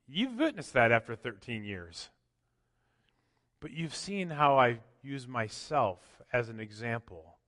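Pastor preaching in a ringing church hall. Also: male voice, mid-range voice, big pitch swings, slow pace. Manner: swings from loud emphatic preaching to quiet asides. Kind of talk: sermon. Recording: long church hall reverb.

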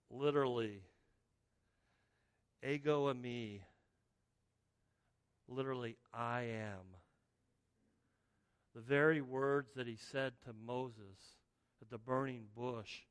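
Animated male pastor in a reverberant hall. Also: medium pitch, takes it slowly, long pauses, smooth. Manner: animated storytelling, acts out the scenes. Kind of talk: sermon. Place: church sanctuary. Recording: long reverb of a large hall.

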